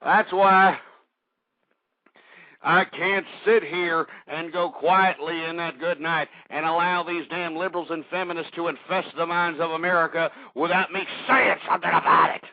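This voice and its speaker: A man hosting a talk radio show, ranting indignantly and swearing at his opponents, his voice hoarse. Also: fairly high pitch, little pitch movement, moderate pace, no room sound. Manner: ranting, indignant, swearing, addresses listeners as folks. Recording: tinny phone-line radio sound, dry.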